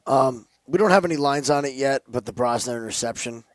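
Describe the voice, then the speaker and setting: A man on a sports betting show who argues his picks with firm emphasis and breaks into playful little games with his co-hosts. His voice sits at an ordinary middle pitch, recorded close and dry with no room sound around it. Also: fairly quick, dry recording. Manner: emphatic, opinionated, playful asides. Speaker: sports betting podcast co-host. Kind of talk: casual sports betting chat.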